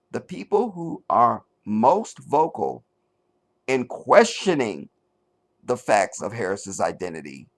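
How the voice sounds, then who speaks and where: A middle-aged man hosting a commentary show, reading an article aloud and mocking it with sarcasm, jumping between loud outbursts and low mutters. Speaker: commentary channel host.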